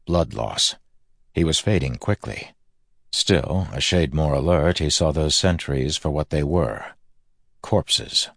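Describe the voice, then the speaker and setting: A man narrating a fantasy audiobook in a measured, grave manner. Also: a bass voice, husky, no room sound, studio quality.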